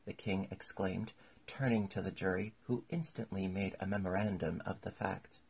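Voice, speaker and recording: Gravelly, husky male storyteller. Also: low voice, steady tone, normal speed, darkish tone. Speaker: audiobook narrator. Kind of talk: storybook reading.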